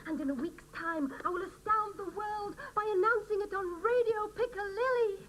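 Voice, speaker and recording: An actress playing an eager, gullible do-gooder in a sitcom, earnest and gushing. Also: female voice, very high-pitched, moderate pace. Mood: thrilled. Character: eager, gullible do-gooder woman who craves excitement. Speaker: refuge resident. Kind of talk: 1980s TV sitcom acting. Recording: hissy old TV soundtrack.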